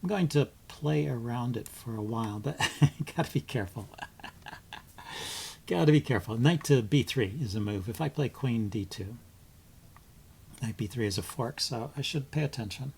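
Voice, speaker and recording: A man's voice: mid-range voice, moderate pace, gravelly, darkish tone, slightly rough. A man hosting his chess channel, commentating live on his own blitz game, thinking aloud with frequent ums and muttering moves under his breath.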